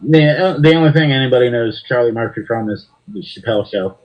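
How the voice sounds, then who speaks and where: A man's voice: mid-range voice, fast talker, dull audio. Laid-back man chatting, swearing casually. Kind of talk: casual chat.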